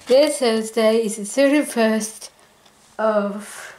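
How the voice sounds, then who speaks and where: A woman chatting casually to camera as a vlogger, giggling between phrases and rambling excitedly. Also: fairly high pitch, slow pace. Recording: roomy echo.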